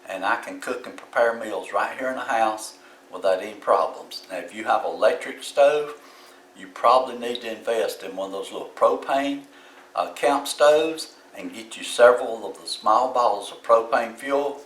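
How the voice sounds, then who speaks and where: A man's voice: medium pitch, moderate pace, echoey room, recorded from a distance, a little hiss or hum, rough recording. A man with a Southern US accent giving plain, folksy advice as a video host, recorded in his home kitchen. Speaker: YouTube host. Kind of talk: casual how-to talk.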